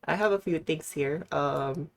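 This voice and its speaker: A woman's voice: sits low, a little slow, gravelly. A young woman from the Philippines, chatting casually with her live viewers in a rambling way, full of fillers. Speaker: streamer.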